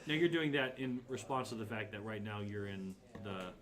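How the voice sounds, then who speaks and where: A man's voice: fairly low pitch, lively intonation, moderate pace. A man narrating as dungeon master in casual tabletop play, rambling and hesitant with many fillers.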